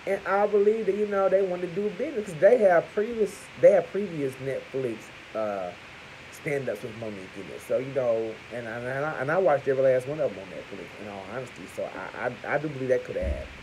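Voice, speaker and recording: A man giving crude, profane gossip commentary to his viewers, talking to them as "y'all" and punctuating points with loud exclamations. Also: mid-range voice, fast, a little hiss or hum, rough recording. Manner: animated, crude, keeps calling out "Hello!". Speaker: vlogger.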